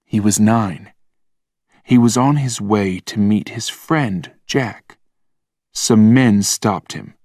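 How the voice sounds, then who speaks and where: Slow, deliberate male storyteller. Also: fairly low pitch, no echo, clean studio sound. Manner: calm, plain, deliberate. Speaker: narrator. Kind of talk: slow scripted narration for language learners.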